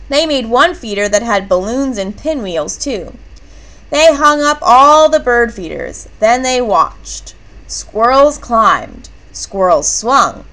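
A woman reading a children's story aloud, slow and expressive, lifting her voice for the characters' lines. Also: on the high side, rough recording. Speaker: storybook reader.

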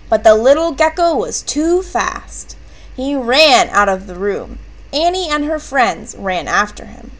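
Woman, children's book read-aloud, high animated voice, slow deliberate pace. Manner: expressive, character voices with excited shouts. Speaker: reader.

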